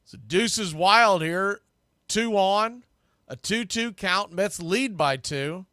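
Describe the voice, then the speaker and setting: Dry, fairly high-voiced baseball announcer man. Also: expressive, takes it slowly, dry recording. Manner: conversational, analytical, bursts louder on big pitches. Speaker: play-by-play announcer. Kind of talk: baseball play-by-play commentary.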